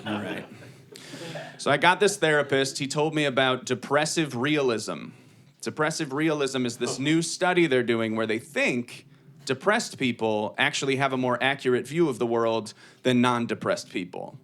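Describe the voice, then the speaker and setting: A man's voice: mid-range voice, normal speed. A man in his thirties from Cleveland doing a live stand-up set on a comedy club stage, with a dry, tired, self-deprecating delivery. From Cleveland, USA. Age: 30s. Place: comedy club stage before a laughing audience. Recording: live club recording with loud audience noise.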